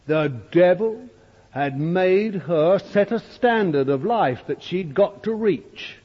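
A male preacher delivering a sermon as a dramatic storyteller, swinging from loud to hushed. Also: high-pitched, lively intonation, slow, breathy edge. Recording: dull, echoey old hall recording.

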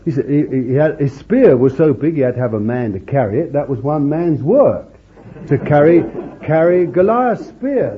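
A man's voice: medium pitch, slight background noise. A man preaching an informal Bible storytelling sermon in a chatty, homely way, with frequent asides to his listeners. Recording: dull lo-fi recording.

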